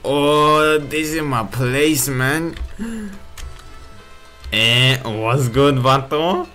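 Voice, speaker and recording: A man's voice: medium pitch, extremely slow, sharp tone, faint music behind. A man voicing Jose, a brash man in a game roleplay who calls everyone fool. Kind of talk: GTA-style game roleplay.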